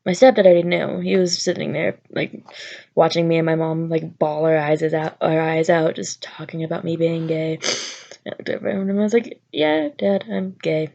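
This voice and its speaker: A young woman shares her story in a home vlog, nervous and rambling, circling back on herself with lots of fillers. Her voice has a gravelly fry at the ends of phrases, and the recording sounds dull and lo-fi. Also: low voice, steady tone, a little fast, dark tone. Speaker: vlogger.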